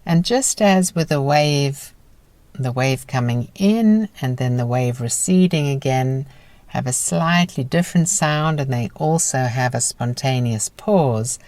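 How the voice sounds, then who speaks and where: A woman teaching a guided breathing lesson in a calm, encouraging, instructive manner. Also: very deep voice, a little slow, no echo.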